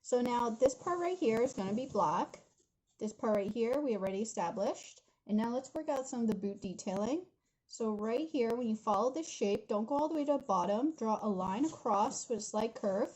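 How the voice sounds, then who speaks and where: A woman's voice: on the high side, animated, normal speed, a little mellow, husky, low-quality recording. A young woman talking viewers through a drawing tutorial from her home studio, chatty and giggly, calling them guys as she goes. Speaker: art instructor.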